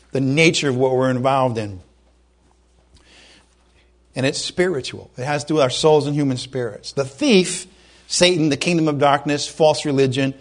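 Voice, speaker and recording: A man preaching a sermon, fervent and emphatic, who slows down to read scripture and stumbles over his words when worked up. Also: on the high side.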